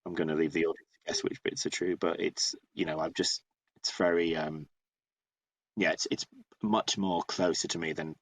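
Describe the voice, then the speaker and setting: A man of about fifty, speaking in a very deep register. He tells his story casually and with lively energy, often restarting his sentences. He sounds like a guest sharing an anecdote in an interview. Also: normal speed. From northeast England. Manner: animated, chatty, many restarts. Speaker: guest playwright.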